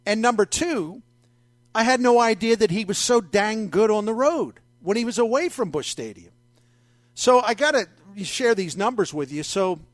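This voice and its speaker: A man hosting a sports talk radio show, talking in a wry, conversational, animated way into a studio mic. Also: high voice, dry recording. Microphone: studio microphone.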